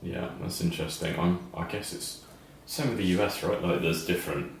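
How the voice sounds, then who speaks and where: A man with a very deep voice chats as podcast co-host, measured and drily understated. He's recorded from a distance in a heavily echoing room. A faint background hiss sits under him. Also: creaky. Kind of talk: casual chat. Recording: echoey room, distant mic.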